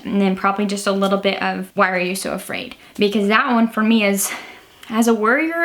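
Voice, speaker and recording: A woman's voice: medium pitch, fairly bright tone. Young midwestern woman rambling through bible thoughts, lots of "like", medium voice. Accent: Midwestern American. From Illinois. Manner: chatty, rambling, many "like" fillers. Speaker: teacher sharing Bible reflections. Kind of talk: casual devotional vlog talk.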